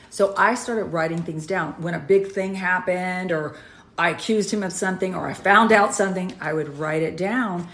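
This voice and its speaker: A woman's voice: fairly low pitch, normal speed, fairly bright tone, reverberant. A woman co-hosting a casual livestream chat, speaking earnestly and emphatically. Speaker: co-host.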